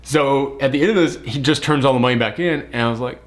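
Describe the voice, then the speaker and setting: A sleep-deprived man co-hosts a casual movie review, rambling and laughing at his own mix-ups. He talks fast with a medium-pitched voice.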